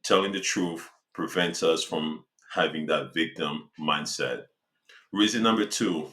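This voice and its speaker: A young man giving a casual motivational talk to his viewers, slangy and conversational, slowing down to stress his points. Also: deep voice, a bit bright. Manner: slangy, conversational, slows for emphasis. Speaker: self-help speaker.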